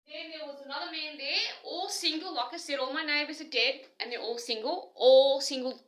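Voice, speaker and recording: A woman's voice: high voice, normal speed, a bit bright, rough recording. An Australian woman rambling through an agitated, aggrieved personal complaint, jumping from one story to the next. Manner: agitated, aggrieved, jumps between stories.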